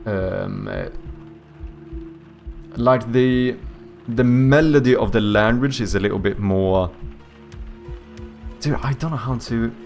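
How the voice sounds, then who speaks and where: A man's voice: medium pitch, slow pace, pauses often, darkish tone, soft background music. A young man whose first language is Swedish, speaking English with a light Swedish accent, chatting casually with viewers on a live stream, rambling, searching for words and swearing now and then. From Sweden. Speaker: streamer and indie game developer.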